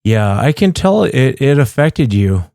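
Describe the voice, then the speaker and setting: A male radio host asking a gentle, sincere question. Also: medium pitch, big pitch swings, a little slow, gravelly, no room sound, studio quality. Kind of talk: radio interview.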